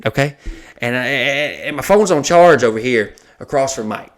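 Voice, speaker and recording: A man hosting a podcast tells a long story in casual chat, using a mid-range voice at normal speed. He's profane and animated, swearing freely and acting out what people said.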